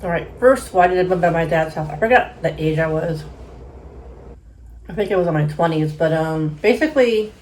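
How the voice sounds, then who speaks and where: A chatty woman in her thirties talks to the camera between bites of food. Her voice sits a little low, and she laughs often. She acts out quoted lines in a louder voice. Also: lively intonation, fairly quick, a little hiss or hum. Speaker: mukbang host. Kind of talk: casual storytelling while eating.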